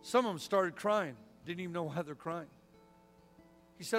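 Guest preacher, middle-aged, folksy storyteller, raised voice, soft guitar underneath. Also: male voice, on the high side, moderate pace. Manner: folksy, storytelling, punchy emphatic lines. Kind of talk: sermon with altar call. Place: church sanctuary.

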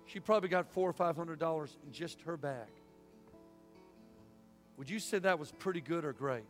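Guest preacher, middle-aged, folksy storyteller, raised voice, soft guitar underneath. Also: male voice, on the high side, normal speed. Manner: folksy, storytelling, punchy emphatic lines. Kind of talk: sermon with altar call. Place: church sanctuary.

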